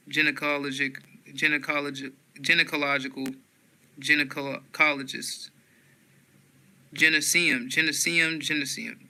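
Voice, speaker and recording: A man reading dictionary entries aloud, slowly and flatly, one word after another. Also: a little high, poor audio. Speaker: dictionary reader.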